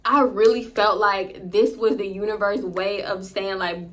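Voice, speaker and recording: Young woman spilling tea on camera, animated, cussing, y'all this y'all that. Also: mid-range voice, unhurried, hardly any pauses. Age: young adult. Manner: animated, profane, addresses viewers as "y'all". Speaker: storytime vlogger. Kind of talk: casual storytelling to camera.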